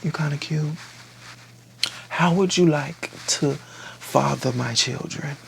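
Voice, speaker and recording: Brief: brash, flirtatious woman ruler, put on by a man, pitched up, playful. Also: takes it slowly, vocal fry, a little hiss or hum. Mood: flirty.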